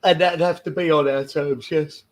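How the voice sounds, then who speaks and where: A man hosting a casual football fan podcast, often pausing and restarting his sentences. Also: fairly high pitch, fairly even intonation, rough recording. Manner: hesitant, restarts with repeated words. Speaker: podcast host. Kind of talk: casual chat.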